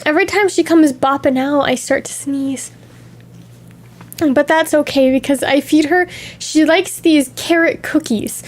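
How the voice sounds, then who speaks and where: A woman's voice: high voice, unhurried. A young woman streamer talking in a casual, candid chat, drifting from one tangent to the next, a little sniffly from allergies.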